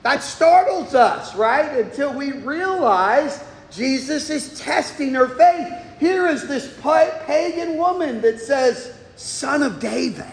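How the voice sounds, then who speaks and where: Male preacher, high voice, slow deliberate delivery, roomy hall sound. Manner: animated, rhetorical, voices imagined listeners. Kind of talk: sermon. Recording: echoey hall, far from mic.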